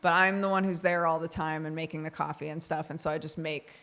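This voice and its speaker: A woman's voice: deep voice, steady tone, fast talker, fairly bright tone. A woman streamer from Oregon chatting casually with her audience, rambling with lots of fillers and frequent laughs. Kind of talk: casual chat with chat.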